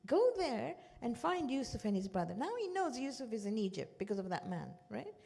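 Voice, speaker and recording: A woman teaching a religious class, her fairly high voice gravelly and mellow. She tells the story with acted-out quotes and pitch jumps, and keeps asking her listeners "okay?" to check they follow. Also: big pitch swings, brisk. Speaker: Quran teacher. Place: community centre hall.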